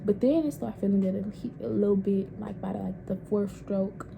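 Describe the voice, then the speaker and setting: A woman's voice: mid-range voice, fairly even intonation, moderate pace, creaky, background noise. A young woman telling a personal story in a casual vlog, candid and profane. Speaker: vlogger.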